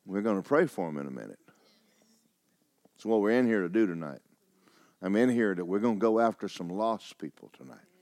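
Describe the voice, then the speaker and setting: Low-voiced preaching pastor, dry sound. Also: male voice, lively intonation, fairly quick, pauses often, darkish tone, no echo. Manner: joking asides, rising to fervent preaching. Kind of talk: sermon.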